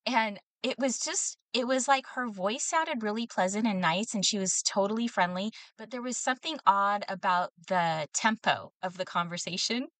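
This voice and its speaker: A woman's voice: mid-range voice, normal speed, few pauses, a bit bright, no room sound. A woman co-hosting a podcast, telling a story in casual chat with lots of ums and laughs. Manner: storytelling with frequent fillers and laughs. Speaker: podcast co-host.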